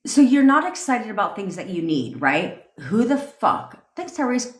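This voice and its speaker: A woman manifestation coach goes off on a livestream rant, medium-pitched, very animated and at a normal speed. Bluntly and with profanity, she hypes up viewer comments, her voice echoing around a roomy space.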